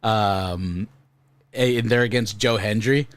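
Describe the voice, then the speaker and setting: A man's voice: fairly low pitch, takes it slowly, dry recording. A man hosting a casual podcast, rambling and laughing as he retells stories. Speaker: podcast host.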